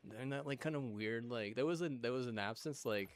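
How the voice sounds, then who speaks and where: A man's voice: mid-range voice, brisk. A man streaming, in a rambling rant full of swearing, restarts and filler words.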